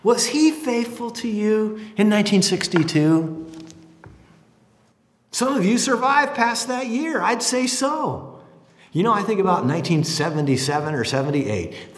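A man's voice: sits high, measured pace. A man in his fifties preaching a sermon, telling stories and acting out the voices of the people in them. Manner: animated storytelling, acting out voices. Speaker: pastor. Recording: echoey hall.

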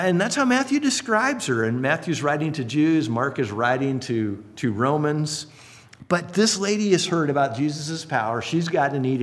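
A man preaching a sermon in an animated storytelling way, acting out the voices of people he quotes. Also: sits high.

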